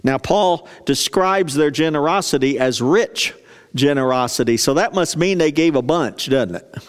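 A male pastor delivering a sermon with a slightly high voice. He tells stories in a chatty way and often asks the congregation questions. His voice rings with a long reverb in a large hall. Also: normal speed, clean tone.

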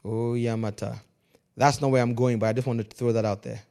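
A man preaching a sermon as pastor, swinging from quiet, measured lines to loud, emphatic ones and calling on the congregation to answer back. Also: mid-range voice, steady tone, vocal fry. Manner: calls on the congregation to respond.

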